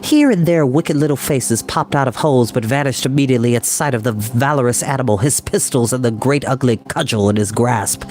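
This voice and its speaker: A man reading a children's story aloud, pausing to explain words to children in a gentle manner. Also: a little high.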